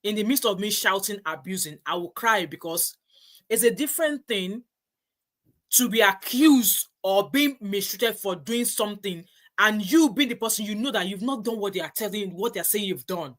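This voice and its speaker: A woman's voice: mid-range voice, animated, moderate pace. A woman hosting a casual panel chat, emphatic and repeating herself. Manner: emphatic, repeats herself, rises when stirred. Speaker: host.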